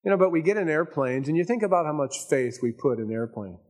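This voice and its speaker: A man preaching a sermon in a conversational, storytelling way, slowing down to stress his key points. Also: fairly high pitch, lively intonation, a little mellow. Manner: conversational storytelling, folksy asides; emphatic, slows down on key points. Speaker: pastor.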